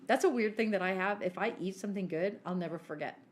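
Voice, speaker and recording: A woman's voice: fast talker, slight background noise. A middle-aged woman co-hosting a podcast, telling a family story in casual chat and acting out the people in it. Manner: animated, acts out quoted people with big pitch jumps. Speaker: podcast co-host.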